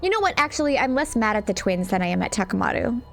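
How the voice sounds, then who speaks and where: A woman's voice: mid-range voice, animated, fast, gravelly, faint music behind. A woman streaming a game, ranting animatedly and exasperatedly at the story. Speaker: streamer playing a visual novel. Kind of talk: let's play commentary.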